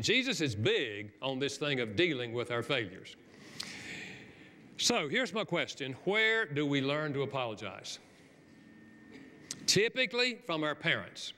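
A male preacher delivers a sermon in an earnest, conversational way, pushing his voice up for emphasis. His tone is bright and sharp, and it rings with the long reverb of a church hall. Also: medium pitch, slight background noise. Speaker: guest preacher and author. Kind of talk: sermon with storytelling. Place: church sanctuary.

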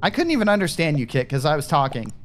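A gaming streamer talks fast in a slightly high voice with big swings in pitch, soft music playing behind him. He's casually commenting on a party game with friends, rambling and thinking aloud as he plays, often trailing off mid-thought.

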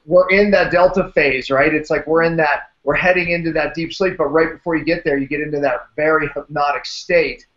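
A man's voice: on the high side, steady tone, brisk, hardly any pauses, fairly bright tone. A man hosting a health show, talking energetically with a guest and often adding "right?". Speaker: show host. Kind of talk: interview conversation. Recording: dull lo-fi sound.

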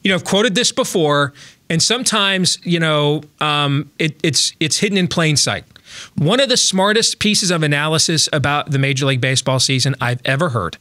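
A man's voice: fairly high pitch, moderate pace, sharp tone, dry recording. A man hosting a sports talk show, chatting casually about baseball with lots of fillers and restarts.

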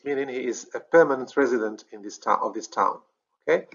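A man's voice: medium pitch, expressive, a little fast, gravelly, fairly bright tone, highs cut off. A man with a Moroccan accent teaching a recorded grammar lesson, explaining step by step, often checking "okay?" and correcting himself. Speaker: English teacher.

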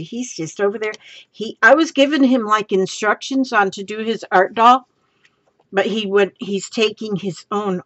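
A woman on a casual craft vlog, exclaiming with delight over her new materials. She talks at an unhurried pace, close and dry. The sound is dull and lo-fi. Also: medium pitch, no room sound. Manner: gushing, excitable, exclaims often. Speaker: craft vlogger.

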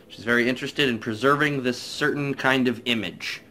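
A man's voice: mid-range voice, a little fast, few pauses, sharp tone. A man chatting casually through a spoiler-filled movie review, retelling scenes in a rambling way.

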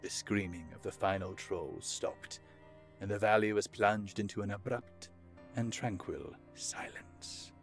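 Low-voiced male audiobook narrator. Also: a little slow, soft background music.

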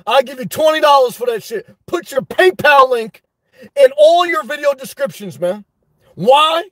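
A man hosting a live stream reads chat and tells a story loudly and animatedly in a casual rant, swearing often and repeating himself. His voice is very high, his pace moderate, and the recording is dry.

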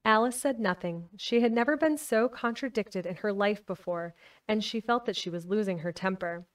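A woman's voice: mid-range voice, normal speed, distant mic. A woman streaming a live book reading, narrating and chatting casually with her viewers. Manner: chatty, laughs often. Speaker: streamer reading a novel aloud.

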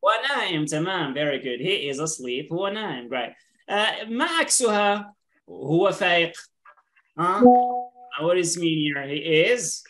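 Soft background music accompanies a woman whose voice is on the low side, expressive and a bit bright. She is teaching English online over a video call, and as a native Arabic speaker she patiently repeats words slowly and explains in Arabic.

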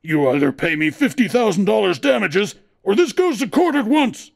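A man voicing a furious, bulky rich old man who shouts and sputters accusations. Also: high-pitched, very animated, moderate pace, creaky, voice pushed up, exaggerated voice. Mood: cold triumph.

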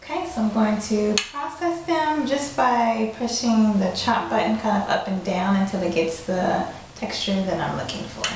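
A woman's voice: medium pitch, noisy background. A woman hosting a home cooking demonstration in her kitchen, playfully putting on a mixed accent and laughing at herself. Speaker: cooking show host. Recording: echoey kitchen, mic far off.

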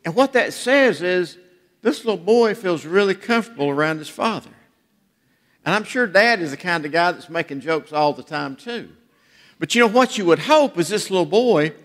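A man's voice: on the high side, fairly bright tone. A man preaching a sermon in a church, telling jokes and stories in a folksy way. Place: church sanctuary. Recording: reverberant church hall.

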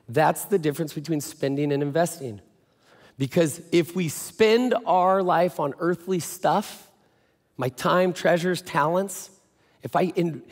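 A man's voice: on the high side, darkish tone. A male pastor giving a sermon in a casual, joking storytelling way. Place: church. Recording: echoey church hall.

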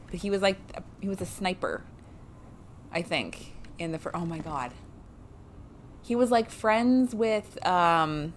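A woman's voice: fairly low pitch, slight background noise. A woman streaming a game playthrough, chatting casually, laughing often and swearing freely. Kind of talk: casual let's-play commentary.

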